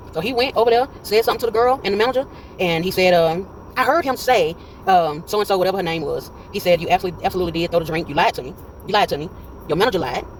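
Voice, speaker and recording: A man in his forties talks straight to his viewers, reliving an ordeal with energy. His voice sits high for a man and the words tumble out at a fast clip. He gives each quoted line its own delivery as the story builds. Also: a little hiss or hum, low-quality recording. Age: 40s. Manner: animated retelling that acts out quoted dialogue. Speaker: vlogger. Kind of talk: casual storytelling vlog. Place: in a parked car.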